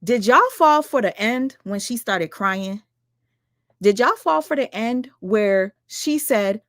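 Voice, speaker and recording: A woman's voice: a little high, animated, dry recording, studio quality. Fiery woman ranting on a livestream. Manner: rapid, emphatic, swears a lot, fires rhetorical questions at viewers. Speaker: livestream commentator. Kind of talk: heated livestream rant.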